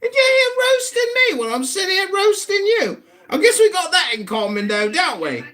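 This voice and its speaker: A man in his forties with an American accent, hosting a livestream and hurling mocking insults. His voice is bright and cutting, and it swings widely in pitch as he shouts and taunts. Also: very animated, normal speed. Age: 40s. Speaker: livestream host. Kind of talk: heated livestream argument.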